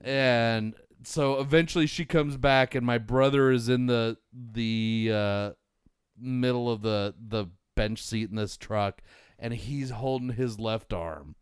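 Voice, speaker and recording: A man's voice: medium pitch, slow pace, clean tone, dry recording, studio quality. Profane, rambling man in his forties. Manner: rambling, profane, animated anecdote teller. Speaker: podcast co-host. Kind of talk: casual storytelling among friends.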